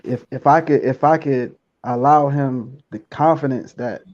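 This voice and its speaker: A man talking on a discussion panel, thoughtful and halting as he works through his points. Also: medium pitch, fairly even intonation, dull audio.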